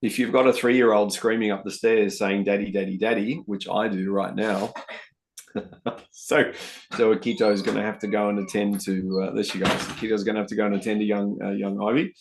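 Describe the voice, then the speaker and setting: A man's voice: fairly low pitch, level tone, fairly quick. A man hosting a live trading session, chatting casually to viewers and calling them guys and mate. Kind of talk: live-stream trading commentary.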